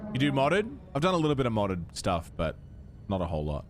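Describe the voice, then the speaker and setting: A man's voice: fairly low pitch, sing-song, fast, faint music behind. A young Australian man chatting casually on a game livestream, swearing freely and reading game lines aloud. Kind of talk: casual gaming stream chat.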